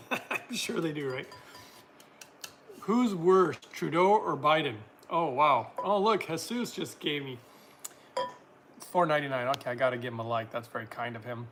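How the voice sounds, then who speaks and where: A man hosts a relaxed livestream, reading viewer comments aloud and answering each one. His voice sits a little high and rings very bright and forward, with a faint hiss of room noise under it. He keeps the talk loose and friendly, with frequent laughter. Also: unhurried, long pauses. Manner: chatty, reads out viewer comments and laughs often. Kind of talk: casual livestream chat.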